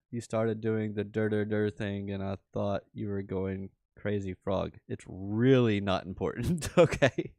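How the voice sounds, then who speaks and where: A man's voice: lowish voice, a little mellow, no echo, clean studio sound. A man streaming a crypto trading session, chatting casually and rambling to his viewers with frequent laughs. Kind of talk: casual livestream chat.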